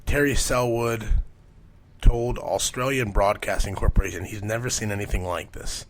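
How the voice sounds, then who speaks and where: A man's voice: lowish voice, steady tone, normal speed. A man hosting a podcast, telling stories in a casual, rambling way and swearing constantly. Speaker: podcast host.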